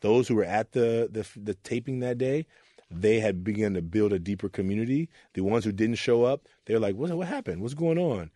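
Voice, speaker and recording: Man, low and warm, earnest interview storyteller; quotes people in little voices. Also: normal speed, no room sound, clean studio sound. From Oakland, California. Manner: earnest, acts out voices in his stories. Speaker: youth mentor.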